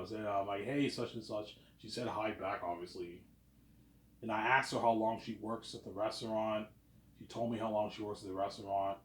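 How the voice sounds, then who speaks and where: A man, around thirty, rambling in a casual, self-assured monologue and tacking "obviously" and "man" onto his sentences. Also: lowish voice. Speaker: vlogger. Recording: roomy echo.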